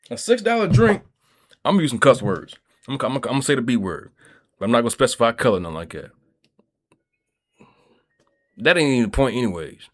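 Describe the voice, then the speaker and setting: Man, lively swooping voice, rambling vlog rant, profane, streetwise. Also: medium pitch. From Kentucky. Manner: streetwise, profane, keeps asking "you feel me". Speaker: vlogger.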